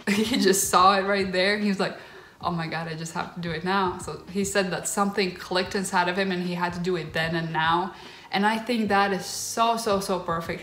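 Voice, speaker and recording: A young woman vlogger telling a personal story in a casual, gushing way, emotional and near tears, with lots of fillers. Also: fairly low pitch. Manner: gushing, tearful excitement, filler-heavy. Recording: roomy echo.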